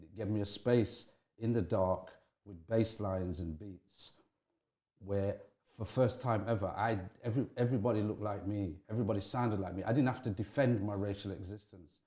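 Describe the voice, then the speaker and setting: A middle-aged man, talking a little fast, gives an interview full of candid memories from his younger years. His pitch varies in an animated way and he restarts sentences often.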